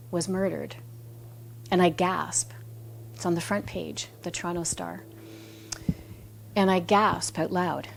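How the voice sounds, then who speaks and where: A woman with a slightly low voice reads from her own book in a reflective, conversational way. She drifts from the text into personal stories and often restarts her phrases mid-thought. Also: vocal fry, a little hiss or hum. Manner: self-correcting, restarts phrases. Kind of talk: book reading with spontaneous asides.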